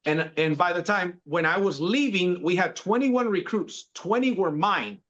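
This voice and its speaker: A man's voice: high-pitched, normal speed, fairly bright tone. A man in his forties telling his career story in a laid-back way, calling the listener bro. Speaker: podcast guest. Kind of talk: casual storytelling. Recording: dull lo-fi sound.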